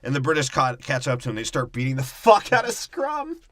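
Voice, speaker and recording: A young man co-hosting a comedy podcast, breaking down a movie plot in crude, profane riffs and quick mocking impressions. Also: medium pitch, wildly swooping pitch, sharp tone. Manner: crude, profane, jokey, mimics characters in quick voices. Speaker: podcast co-host.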